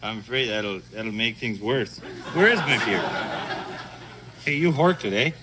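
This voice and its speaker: A man voicing a sleepy, whiny brother in a comedy sketch, with a put-on Canadian accent and a high squeaky voice. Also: expressive, measured pace, close to an everyday voice. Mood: grumbling. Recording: loud background noise.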